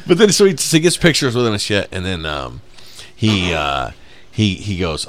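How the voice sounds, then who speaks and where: A man's voice: deep voice, very animated, normal speed, noisy background. A man casually telling a rambling, profane story on a podcast, laughing as he goes. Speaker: podcast host.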